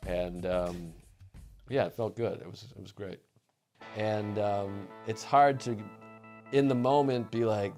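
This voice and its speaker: A comedian from New England reflecting on a hometown show in a halting, modest interview voice. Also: male voice, on the low side. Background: music.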